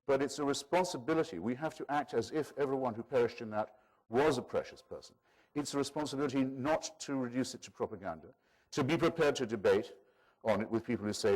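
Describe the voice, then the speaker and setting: A man giving a public lecture in a measured, wry, digressive way. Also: medium pitch, darkish tone.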